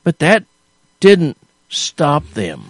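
A man's voice: fairly high pitch, huge pitch swings, very slow, no echo. An older man preaching a sermon, earnest and emphatic, often restarting his phrases as he stresses a point.

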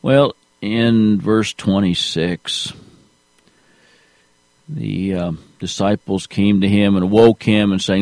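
A man preaching a sermon in a slow, deliberate way, rising to emphasis at key points. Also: fairly low pitch, steady tone, vocal fry, a little mellow, dry recording.

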